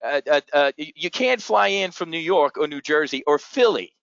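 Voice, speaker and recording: A man imitating a loud, gossipy older woman at a pool, flustered and stammering, on a dull, dry, lo-fi recording. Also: on the high side, expressive, moderate pace, creaky, no echo. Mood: alarmed gossip.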